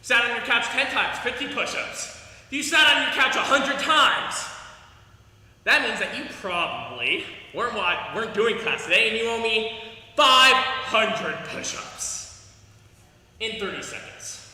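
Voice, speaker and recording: A man's voice: high-pitched, big pitch swings, measured pace, bright, forceful tone. A young man leading an online martial arts class over a video call, coaching upbeat and giving commands. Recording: echoey hall sound from off-mic.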